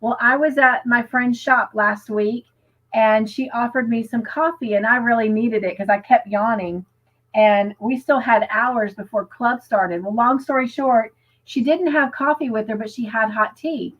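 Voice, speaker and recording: Slow-talking giggly woman co-host. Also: on the high side, highs cut off. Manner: chatty and giggly, lingers on stories. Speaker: co-host of a crafting livestream. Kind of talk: casual chat, reading viewer comments aloud.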